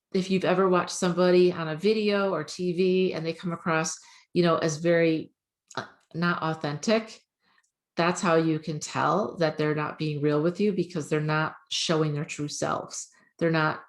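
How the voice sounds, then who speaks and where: A woman's voice: fairly low pitch, steady tone, a little slow. A woman hosting a spiritual podcast, talking casually and encouragingly about oracle cards, with lots of fillers. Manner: chatty, encouraging, many fillers.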